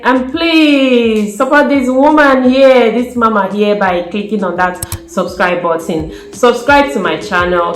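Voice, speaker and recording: A young woman with a Nigerian accent tells a story in a vlog, emphatic and animated. Her voice sits somewhat low for a woman. The sound carries the echo of a bare room. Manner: animated, emphatic storytelling, rising to indignant outbursts. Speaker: vlogger. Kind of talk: casual opinion vlog. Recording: echoey room.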